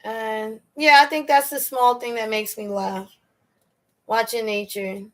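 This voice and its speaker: Fairly high in pitch and a little slow, her voice keeps a fairly even intonation. She runs a casual storytelling livestream, chatty and slangy, laughing often while answering questions from viewers.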